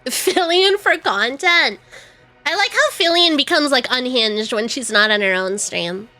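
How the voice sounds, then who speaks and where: Bright high-voiced young woman streamer. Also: lively intonation, measured pace, faint music behind. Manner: rambling, self-deprecating, giggly. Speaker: VTuber streamer. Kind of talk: casual stream chat.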